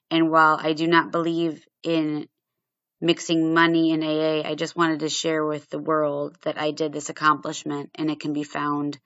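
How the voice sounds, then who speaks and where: A woman's voice: low-pitched, a bit bright, dry recording, dull audio. A woman hosting a podcast, talking casually and gratefully with her guest. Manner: effusively grateful. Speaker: podcast host. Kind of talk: casual interview talk.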